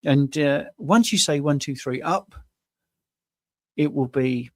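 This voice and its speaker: A man's voice: a little high, takes it slowly, no room sound. A man co-hosting a casual chat, jokey and self-deprecating, telling stories. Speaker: co-host.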